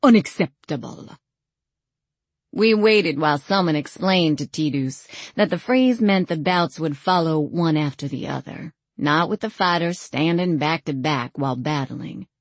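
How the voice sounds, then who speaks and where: A woman reading a first-person novel aloud as an audiobook narrator, in a measured, dry storytelling manner. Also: deep voice, no echo.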